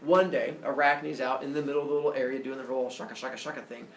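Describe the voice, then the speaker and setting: A man's voice: medium pitch, steady tone, quick pace, a little hiss or hum. A young man teaching a class, retelling myths in a playful way with sound effects and asides. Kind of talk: animated classroom storytelling. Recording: echoey classroom, camera far off.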